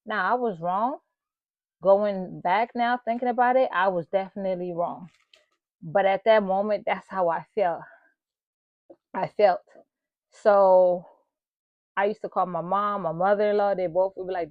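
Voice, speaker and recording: A woman's voice: mid-range voice, moderate pace, long pauses, no room sound, dull audio. A woman hosting her own channel, sharing an emotional personal testimony and talking straight to her viewers. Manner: emotional, earnest, addresses viewers directly. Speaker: channel host.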